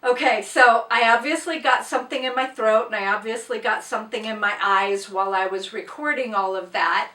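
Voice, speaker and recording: A woman's voice: on the high side, fairly quick, hardly any pauses, pushed and bright, echoey room, distant mic. Emotional gushing woman unboxing gifts. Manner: gushing, emotional, exclaims and gasps often. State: choked up, tearful. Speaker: book and quilting vlogger. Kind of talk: casual unboxing vlog.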